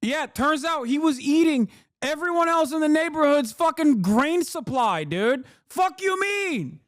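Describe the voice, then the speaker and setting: A man's voice: extremely high pitch, animated, normal speed, dry recording, studio quality. A male live streamer giving casual commentary, swearing often and sounding incredulous and emphatic.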